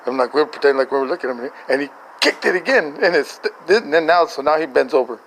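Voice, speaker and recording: A man's voice: fairly high pitch, animated, fast, a bit bright, slight background noise, poor audio. An older man, a grandfather, telling a family story in a casual voice message, rambling and chuckling through many restarts.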